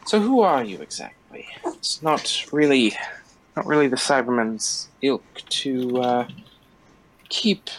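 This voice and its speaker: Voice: mid-range voice, big pitch swings, slow, slight background noise, rough recording. Player doing a dry-witted alien time traveller. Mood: wry. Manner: dry and sardonic.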